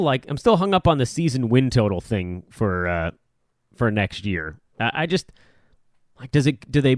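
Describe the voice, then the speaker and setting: Animated man hosting a podcast. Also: fairly high pitch, no room sound, studio quality. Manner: lively, rambling, self-deprecating. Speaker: podcast host. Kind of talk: casual podcast chat.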